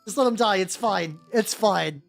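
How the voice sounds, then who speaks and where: A woman's voice: medium pitch, normal speed, gravelly, soft background music, close to an everyday voice. A woman doing frantic pleading soldiers. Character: frantic soldiers of a warrior legion.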